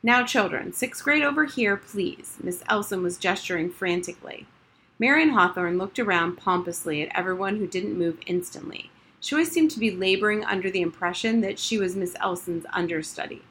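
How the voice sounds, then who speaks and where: Lady reading a kids' book aloud, lively and expressive. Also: fairly low pitch, fairly quick, slight background noise. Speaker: audiobook reader. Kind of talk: storybook narration.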